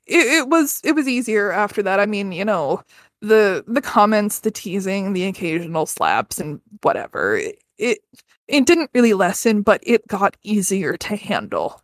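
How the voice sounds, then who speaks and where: A woman's voice: medium pitch, very animated, normal speed, no room sound, clean studio sound. A woman in her thirties, a podcast guest telling personal stories in an earnest, candid way, swearing freely and often restarting sentences. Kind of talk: casual personal storytelling.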